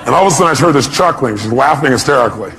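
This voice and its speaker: A man giving a motivational seminar talk, animated, acting out quotes in a raised voice and asking the audience questions. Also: mid-range voice, rapid-fire, creaky, crowd noise, low-quality recording. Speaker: motivational speaker.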